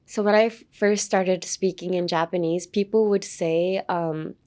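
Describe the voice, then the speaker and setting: A woman's voice: fairly low pitch, fairly even intonation, measured pace, a little mellow. A young woman hosting a casual podcast lesson, chatting playfully and repeating words over and over to demonstrate how they sound. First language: English. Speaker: podcast host teaching English pronunciation.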